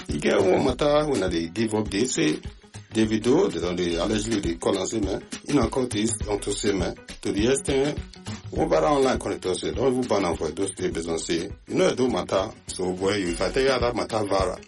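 A man with a Nigerian accent hosting a call-in radio chat show, talking in an animated, repetitive way and mixing pidgin with English. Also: fairly low pitch.

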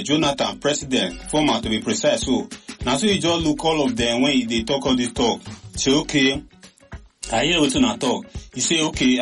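A man talks in a Nigerian Pidgin accent at a middle pitch, hosting an informal commentary show. He is chatty and exclamatory and keeps dropping in fillers. Faint music plays underneath. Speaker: radio or online show host.

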